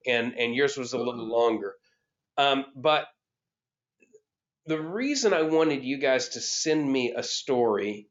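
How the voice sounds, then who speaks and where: Man teaching poetry, middle-aged, halting speech full of ums and restarts, muffled lo-fi call audio. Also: medium pitch, fairly bright tone. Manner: thoughtful, halting, many fillers and restarts. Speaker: course instructor. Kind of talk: online class lecture.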